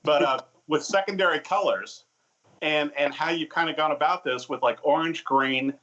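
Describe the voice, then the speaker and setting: A male host leads an interview with eager, encouraging chatter full of fillers. His voice has a bright, forward edge. The sound is slightly dull and muffled. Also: a little high, moderate pace. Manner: enthusiastic, affirming, lots of fillers. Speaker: TV show host. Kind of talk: casual interview talk.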